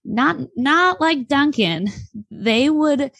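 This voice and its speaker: A woman's voice: high-pitched, lively intonation, very slow, fairly bright tone, dry recording. A woman who is a guest on a podcast, telling a personal story expressively and acting out the voices in it. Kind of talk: casual anecdote telling.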